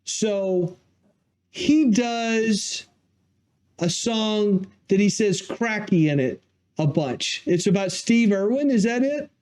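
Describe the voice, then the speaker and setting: A man's voice: sits high, expressive, slow pace, a little mellow. A man hosting a live stream interview, chatty and friendly. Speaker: host.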